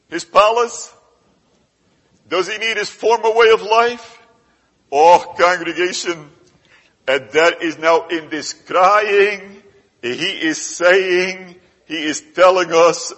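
A man preaching a sermon to his congregation, slow and emphatic, swelling to loud rises and dropping to hushed passages. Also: a little high, big-room sound. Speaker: pastor. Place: church.

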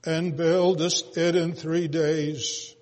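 A man reading scripture aloud in a solemn, slow, almost chanted way, with occasional hesitant pauses. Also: a little high, little pitch movement, darkish tone. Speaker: scripture reader. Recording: long hall reverb.

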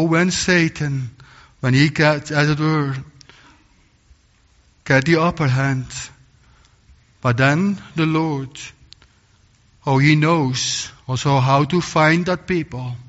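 A man preaching a sermon in earnest, halting English, often restarting and repeating words. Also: a little high, steady tone. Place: church. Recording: long church reverb, dull lo-fi sound.

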